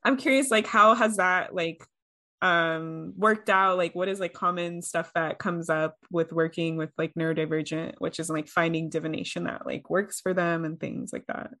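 Woman, lowish voice, podcast host, chatty, lots of "like". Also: steady tone, moderate pace, pushed and bright. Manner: chatty, heavy use of "like". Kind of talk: casual podcast interview.

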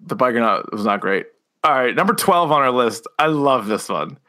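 A man's voice: mid-range voice, expressive, normal speed, pushed and bright. A man co-hosting a casual podcast, animatedly retelling comedy sketches with frequent laughter. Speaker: podcast co-host. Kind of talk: casual chat.

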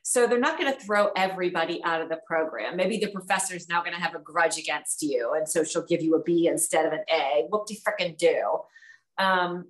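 A woman co-hosting a casual live-stream discussion, talking in an expressive, exasperated way. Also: on the low side, brisk. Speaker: podcast co-host. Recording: echoey room.

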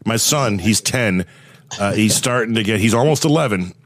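A man's voice: lowish voice, expressive, moderate pace, no echo. A man hosting a podcast, chatting easily and laughing often as he shares stories about his son. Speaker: podcast host. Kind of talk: casual podcast chat.

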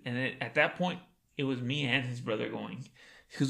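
Young man, podcast host, gravelly voice, swears a lot, says dude constantly. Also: medium pitch, normal speed, bright, forceful tone. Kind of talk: casual storytelling chat.

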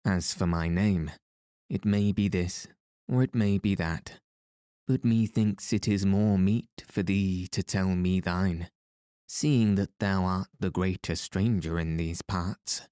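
A cheerful, daring outlaw who teases in an old-fashioned, courtly way, as a man reading the story puts him on. The voice is low and mellow, with unhurried delivery. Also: dry recording, clean studio sound. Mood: teasing. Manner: playful, mock-courtly old-fashioned speech. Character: merry, bold male outlaw hero, teasing.

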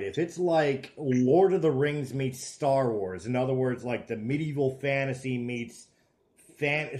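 A middle-aged man hosting a casual chat, animated, laughing often and swearing casually. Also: mid-range voice. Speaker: podcast host.

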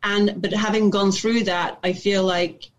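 Reflective woman actor, halting. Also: medium pitch, fairly even intonation, poor audio. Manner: reflective, halting with many restarts and fillers. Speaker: interview guest, actor. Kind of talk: casual interview chat.

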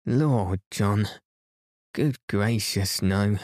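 A fond, bustling young mother fusses over her husband and baby, as a male narrator gently puts her on. The voice stays low and unhurried, with a dry, close sound. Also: no echo. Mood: scolding fondly. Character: cheerful young wife and mother, fussing.

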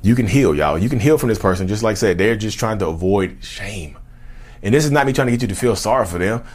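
Man, low voice, casual monologue, repetitive and preachy, keeps saying y'all. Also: expressive, fast. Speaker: channel host.

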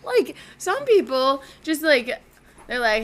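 A woman's voice: medium pitch, expressive, moderate pace, fairly bright tone. A woman co-hosting a casual podcast chat, giggly and teasing. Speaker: podcast co-host.

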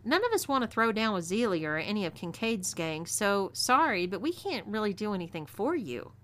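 A woman reading voices a cowardly male friend in a western story. He hesitates and apologizes, backing away from trouble. The twang is Texan and the voice bright. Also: mid-range voice, very animated, normal speed. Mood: sheepish. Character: hesitant adult man friend, sheepish and cowardly.

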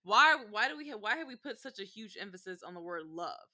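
A woman's voice: medium pitch, very animated, a little fast, bright, forceful tone. A young woman in a casual couple's debate, pressing her partner with pointed questions.

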